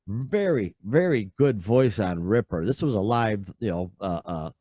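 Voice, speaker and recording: A man's voice: mid-range voice, lively intonation, normal speed, few pauses, mellow, no room sound, clean studio sound. A man hosting a podcast, rambling and exasperated in casual chat. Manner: rambling, exasperated, lots of fillers and sighs. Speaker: podcast host.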